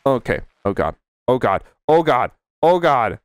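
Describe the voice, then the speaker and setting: A man commentating a gameplay video, panicking and swearing, his voice jumping into high squeals. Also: animated, unhurried, clear, resonant tone, no room sound, clean studio sound. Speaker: gaming video creator. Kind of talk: let's play commentary.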